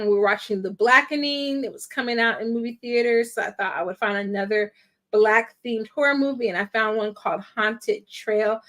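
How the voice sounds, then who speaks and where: A woman's voice: fairly high pitch, a bit bright. A woman in her thirties, a film critic and YouTuber, chatting playfully as host of a live-stream movie watch party. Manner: chatty and playful, laughs and sings little rhymes. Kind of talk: casual live-stream chat.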